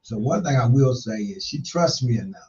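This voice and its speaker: A man's voice: expressive, moderate pace, darkish tone. A middle-aged man hosting a casual talk show, telling loose, rambling stories with playful jabs. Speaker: host. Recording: distant mic, dull low-fidelity sound.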